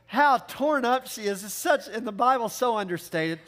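A male pastor preaching a sermon in an animated, conversational way with joking asides. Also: sits high, normal speed, few pauses.

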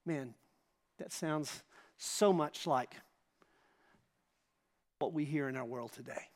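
High-voiced man preaching emphatically. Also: takes it slowly, pauses often, a little mellow. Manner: emphatic, with rhetorical questions to the congregation; dramatic retelling of scripture. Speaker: pastor. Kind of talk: sermon.

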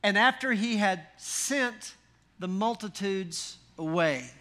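A man preaching a sermon in a folksy, animated way, full of rhetorical questions and wry humor. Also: high-pitched, slow. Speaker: pastor.

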